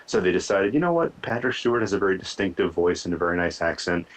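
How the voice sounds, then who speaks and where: A man's voice: deep voice, quick pace, low-quality recording. A man co-hosting a TV review podcast who rambles, repeating words and filling with "you know" as he thinks aloud. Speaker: podcast co-host. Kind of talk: casual review chat.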